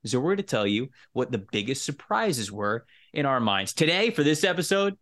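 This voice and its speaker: A man hosting a casual sports podcast, upbeat and quick with asides and laughter. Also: mid-range voice, big pitch swings, a bit bright. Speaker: podcast host.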